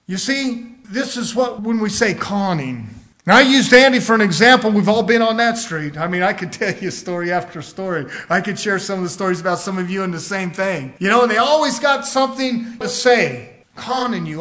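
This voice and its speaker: A man's voice: sits high, expressive, normal speed, fairly bright tone. A man preaching a sermon in a folksy storytelling way, acting out the people he quotes.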